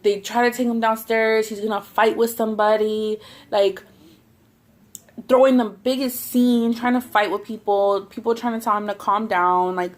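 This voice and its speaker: A woman's voice: fairly high pitch, fairly even intonation, moderate pace. Profane rambling woman telling a story between bites. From Southern California. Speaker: mukbang vlogger. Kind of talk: casual storytelling while eating.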